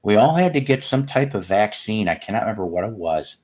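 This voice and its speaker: A man's voice: lowish voice, lively intonation, fairly quick, a little mellow. A man in his fifties hosting a casual live stream from home, greeting chat viewers and cracking puns and profane jokes. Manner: joking, punning, profane asides. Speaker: host of a live music stream.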